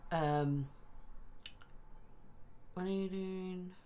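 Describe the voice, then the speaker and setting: Low-voiced woman chatting on a live stream. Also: extremely slow, smooth. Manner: lively, laughs often. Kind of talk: casual chat.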